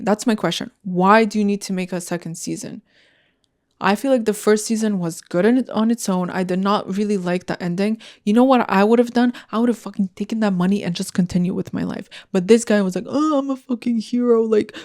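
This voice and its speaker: A woman's voice: medium pitch, a little mellow. Blunt, profane woman podcaster. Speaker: podcast host. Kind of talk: casual solo podcast rant.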